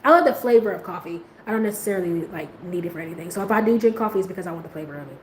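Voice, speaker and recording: Chatty woman with a slangy, laughing ramble. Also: rapid-fire. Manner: laughing often, jumping into high squeals when quoting herself; slang-heavy, rambling, trailing off quietly. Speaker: host. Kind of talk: casual chat. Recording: echoey room with faint ambient noise.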